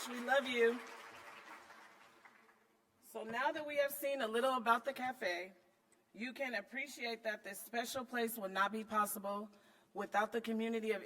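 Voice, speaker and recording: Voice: medium pitch, sharp tone. An event co-host giving upbeat, enthusiastic emcee remarks to the audience.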